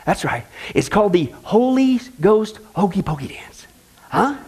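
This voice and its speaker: A man teaching a Bible study, mocking and joking with loud exclamations. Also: sits high, big pitch swings, unhurried, husky. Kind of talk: recorded Bible study talk.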